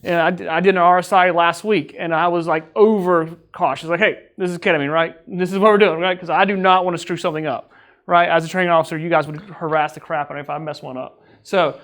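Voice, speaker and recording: Higher-voiced man giving a casual training talk. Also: steady tone, quick pace, fairly bright tone. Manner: conversational, keeps checking in with "right?"; jokes with the crew. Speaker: EMS training officer.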